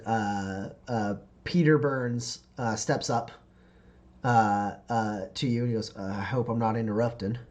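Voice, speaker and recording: A man narrating a tabletop game as game master, rambling with many fillers. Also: medium pitch. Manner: rambling, full of fillers and likes.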